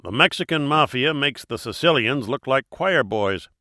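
A man's voice: mid-range voice, animated, normal speed, sharp tone, dry recording, studio quality. A man playing a burly, world-weary male FBI agent who talks bluntly and wryly. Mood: emphatic. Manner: blunt, wry, launches into monologues.

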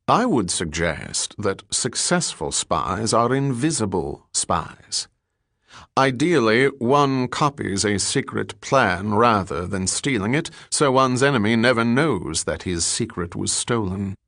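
Man narrator playing a cool superior spy, clipped, measured, lowish voice, dry sound. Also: animated, creaky, fairly bright tone, dry recording, heavily acted. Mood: lofty. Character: suave, coolly superior English spy, man.

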